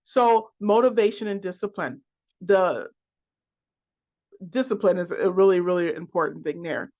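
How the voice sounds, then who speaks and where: Halting financial coach in a dull recording. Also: mid-range voice, a little mellow. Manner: halting, with restarts and repeated words. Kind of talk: class lecture working through a list of points.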